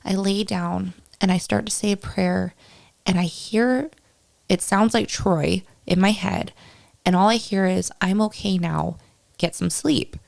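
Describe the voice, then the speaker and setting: Creaky-voiced woman telling a raw story. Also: medium pitch, steady tone, a little slow, darkish tone. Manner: raw, rambling, full of "like" and quoted self-talk. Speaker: podcast guest. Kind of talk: emotional personal storytelling.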